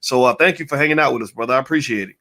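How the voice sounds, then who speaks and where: A man's voice: mid-range voice, rapid-fire, sharp tone. A man hosting an interview, talking with enthusiasm and often repeating himself as he stumbles over his words. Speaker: host. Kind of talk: casual interview chat.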